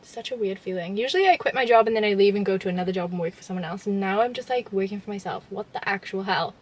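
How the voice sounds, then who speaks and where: A woman's voice: mid-range voice, quick pace. A young woman chatting in a casual vlog from inside a car, bubbly and gushing with lots of fillers. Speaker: vlogger. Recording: noisy car recording.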